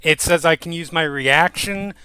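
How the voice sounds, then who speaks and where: A man playing at a tabletop game, asking quick rules questions. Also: on the high side, pushed and bright, clean tone, no echo. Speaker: player. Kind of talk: casual tabletop play.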